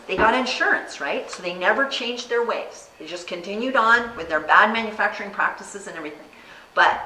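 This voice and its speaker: A woman's voice: fairly low pitch, pushed and bright, echoey room, recorded from a distance, slight background noise, low-quality recording. An American woman, a congressional candidate, giving a campaign speech and telling stories in an earnest way. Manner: earnest, storytelling, acts out quoted people.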